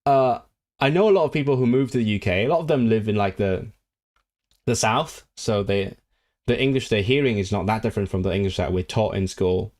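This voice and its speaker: A man's voice: lowish voice, a little fast, darkish tone. A man from Hong Kong hosting a language livestream, reading viewer comments aloud and rambling through his replies with many restarts. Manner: rambling, self-correcting, reads viewer comments aloud and responds animatedly.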